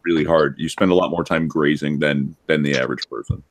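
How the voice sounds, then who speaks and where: A man's voice: rumbling low, steady tone, fairly quick, slight background noise. A man in a casual podcast chat, telling stories in a plain, matter-of-fact way.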